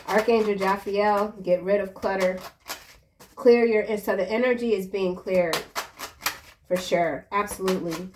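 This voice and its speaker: Slow-talking woman doing a tarot reading. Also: medium pitch, a little hiss or hum. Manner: chatty, slangy, bursts of excited exclamations. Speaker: tarot reader.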